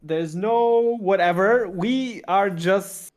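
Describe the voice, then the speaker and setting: A man's voice: high-pitched, takes it slowly, darkish tone. A man with a Russian accent co-hosting a casual tech podcast, talking energetically with lots of repeated words and restarts. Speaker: podcast co-host.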